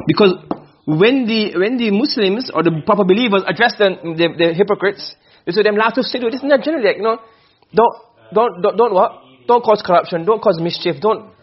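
This high-voiced man speaks fairly quickly while giving a class on the rhetoric of the Quran. He raises questions and supplies the answers on his own, captured in a dull, lo-fi recording.

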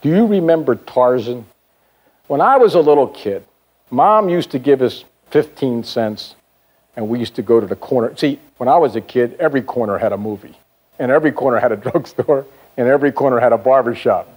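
An older man, a sales trainer, telling a childhood story in a seminar talk, with chatty asides to the audience and a voice that climbs as the excitement builds. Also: medium pitch, brisk.

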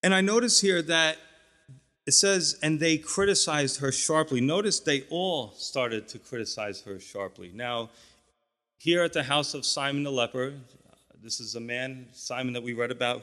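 A man's voice: mid-range voice, lively intonation, unhurried, bright, forceful tone. Man preaching in a reverberant hall. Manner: conversational teaching with fillers and asides. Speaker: pastor. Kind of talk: sermon.

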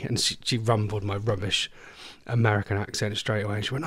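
A man's voice: mid-range voice, steady tone, racing, dry recording, clean studio sound. An English man hosting a casual online radio phone-in, rambling and chatting, often breaking off mid-sentence. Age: adult, a former smoker. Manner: chatty, rambling, self-interrupting. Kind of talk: casual solo radio chat.

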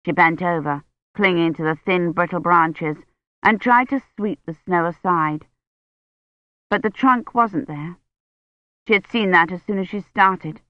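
Woman reading a novel aloud, slow and measured, dry dull recording. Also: lowish voice, no room sound. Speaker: audiobook narrator. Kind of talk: scripted narration.

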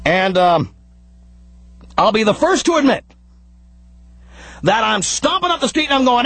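A man hosting a talk radio show, telling an angry story and ranting, often raising his voice to a shout. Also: very high voice, measured pace, creaky, pauses often. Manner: animated, frequently shouting in anger. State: out of breath. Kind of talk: ranting monologue.

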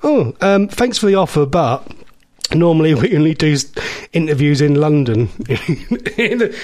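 A man's voice: a little high, very animated, unhurried, darkish tone, no echo, studio quality. A man impersonating a famous female pop star who politely turns down an invitation. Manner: polite, slightly put-out refusal.

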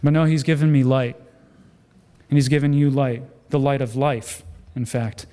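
A man's voice: mid-range voice, moderate pace, smooth. Man preaching in a reverberant church. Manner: animated storytelling with acted-out quotes and self-deprecating humor. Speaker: guest preacher. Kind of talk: sermon. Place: church sanctuary. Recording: long church hall reverb.

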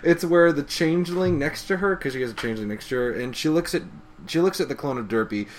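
A man co-hosting a podcast, chatting casually through a comic book recap, animated and quick to laugh. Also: fairly high pitch, a little hiss or hum. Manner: laughs often, animated and joking. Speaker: podcast co-host.

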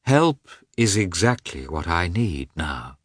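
A man voicing a young bridegroom's anxious inner thoughts, in a hushed, half-whispered musing. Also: low voice, big pitch swings, slow pace, slightly rough, no echo, clean studio sound, full character voice. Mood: anxious wonder.

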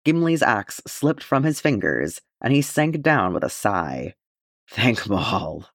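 A man reading fan fiction aloud as an audiobook in an expressive, measured manner. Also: mid-range voice, no echo, clean studio sound. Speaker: audiobook reader.

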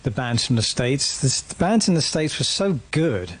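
A man's voice: medium pitch, very animated, moderate pace, breathy edge. Reflective man telling stories. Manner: reflective, storytelling. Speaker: guest musician. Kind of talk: casual radio interview.

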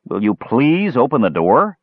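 A man's voice: medium pitch, big pitch swings, measured pace, dry recording, pitched above the performer's own voice. A man reading an audiobook, voicing a tired, earnest male half-elf who speaks agreeably and pleadingly, on a dull, muffled recording.

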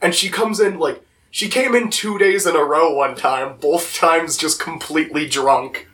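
A young man with a slightly hoarse voice, telling stories casually on a podcast with lots of "like". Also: a little high, a little slow, a bit bright. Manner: rambling, lots of "like". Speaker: podcast co-host. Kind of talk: casual storytelling chat. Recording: voice distant from the mic.

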